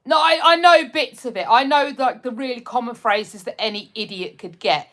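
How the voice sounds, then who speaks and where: Reading comments on her casual livestream, an English woman laughs frequently and calls her viewers darling. Her voice is a bit high and a bit bright, and she talks at a moderate pace.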